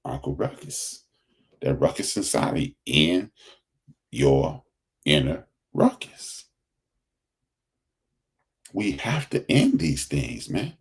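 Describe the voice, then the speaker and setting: A podcast host with a low, somewhat mellow, husky voice delivers a casual commentary monologue in an emphatic, preachy way, repeating phrases to drive his points home.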